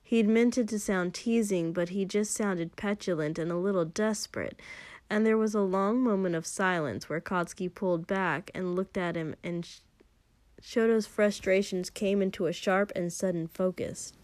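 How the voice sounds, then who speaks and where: A woman reading fan fiction aloud in a slow, unhurried way. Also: medium pitch, no echo. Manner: slow, even, unhurried narration. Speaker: reader.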